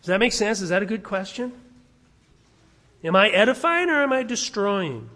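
A man's voice: high-pitched, big pitch swings, normal speed, bright, forceful tone. A man preaching a sermon as pastor, speaking emphatically and stacking rhetorical questions. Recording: long reverb of a large hall.

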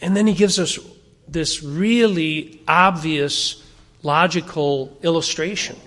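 Man, pastor, sermon, earnest conversational preaching, rhetorical questions, fairly high voice, long church-hall reverb. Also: slow pace, a bit bright. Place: church sanctuary.

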